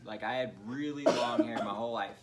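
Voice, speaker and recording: A man's voice: medium pitch, brisk, over a noisy crowd. A man co-hosting a comedy podcast, telling profane childhood stories in a loose, laughing way. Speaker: podcast co-host. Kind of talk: casual chat.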